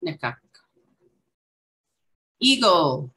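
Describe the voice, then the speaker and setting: A woman leads an online language lesson, saying each word slowly and then saying it again. Her voice is bright and somewhat low, and she comes through a video call. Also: low-quality recording. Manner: slow, repeats each word carefully, casual asides. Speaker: language teacher.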